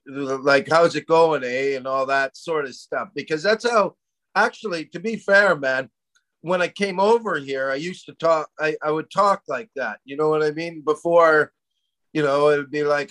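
A young man from Canada chats on a comedy podcast in a loose, rambling way, leaning on "man" and "you know." His accent is Canadian but partly Americanized. His voice sits a little higher than most men's. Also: fairly bright tone, low-quality recording. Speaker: comedian guest. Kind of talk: casual podcast chat.

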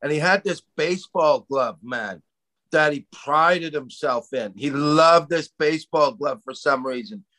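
Middle-aged guy from canada rambling on a podcast, bit high pitched, keeps saying man. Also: unhurried, sharp tone. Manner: rambling, laughing, swears and says "man" a lot. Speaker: podcast co-host. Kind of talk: casual chat.

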